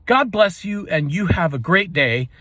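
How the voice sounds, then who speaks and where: A man with a fairly high, very animated voice tells a personal story in a relaxed, folksy ramble. He keeps dropping in casual asides, and the sound is close and dry, with no room around it. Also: measured pace, dry recording. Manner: folksy and rambling, full of "you know" asides. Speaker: storyteller and channel host.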